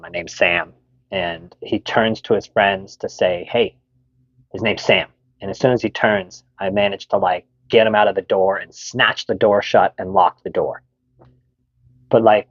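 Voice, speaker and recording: A man's voice: on the low side, dry recording, dull audio. A middle-aged Canadian man candidly telling a personal story, frank and swearing freely, with many fillers.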